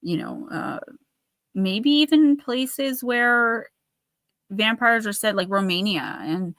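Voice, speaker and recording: A woman hosting a live chat show, retelling a ghost story in a lively, animated way and acting out the quoted voices. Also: mid-range voice, takes it slowly, dry recording, clean studio sound. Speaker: host.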